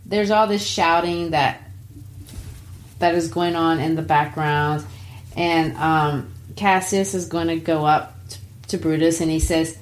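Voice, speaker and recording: A woman's voice: low voice, steady tone, a little slow. Woman explaining a play in casual terms. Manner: explains then paraphrases the text in plain words. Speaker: teacher. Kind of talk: casual literature lesson.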